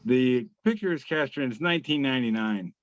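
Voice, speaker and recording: A man's voice: mid-range voice, expressive, brisk, no room sound. A man co-hosting a podcast in casual chat, laid-back and joking, sometimes stumbling over his words. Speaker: podcast co-host. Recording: dry, dull lo-fi call audio.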